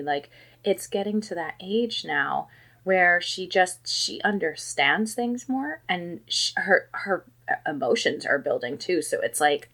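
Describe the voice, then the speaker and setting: A woman co-hosting a podcast, chatting casually and responding with warmth. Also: medium pitch. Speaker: podcast co-host. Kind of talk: casual chat.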